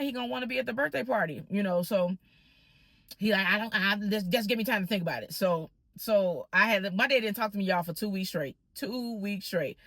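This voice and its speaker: A woman telling a personal story to her viewers in a casual, animated way, acting out the people she quotes. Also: mid-range voice, no room sound. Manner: animated, addresses viewers as y'all, acts out quoted voices. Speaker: vlogger.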